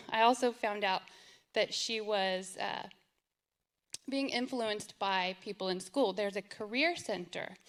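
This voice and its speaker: A middle-aged woman giving an earnest, emotional personal testimony as a parent, often repeating herself. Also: fairly high pitch. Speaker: parent telling her story.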